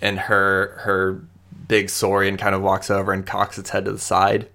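A man's voice: sits low, completely flat delivery, normal speed, creaky, bright, forceful tone. A man narrating a tabletop game as game master, loosely and with many fillers.

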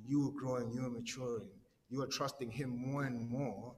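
A man preaches in a loose, street-casual way, tossing in slang and checking in with "right?" after nearly every point. His voice sits at an ordinary middle pitch. It carries a long reverb tail and a faint hiss underneath. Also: steady tone, moderate pace, a little mellow. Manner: conversational and slangy, constant "right?" tags, stammered repeats. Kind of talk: casual sermon.

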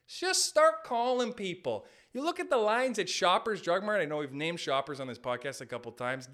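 A man's voice: high voice, sharp tone. A man from Canada hosting a podcast, doing a hyped-up, jokey comedic rant. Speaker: podcast host.

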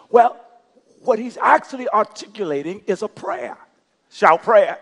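A man with a very high voice preaches to his congregation, his words building from quiet reflection to fervent shouts. The sound rings with the long reverb of a big church hall. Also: moderate pace. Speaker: pastor. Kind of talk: sermon. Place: church sanctuary.

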